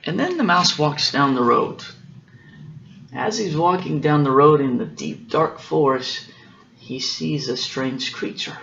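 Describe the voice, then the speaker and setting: A father reading a picture book aloud to his daughters, unhurried, stopping to explain the story and correct himself. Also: a little high, animated, gravelly, a bit bright, muffled recording, a little hiss or hum.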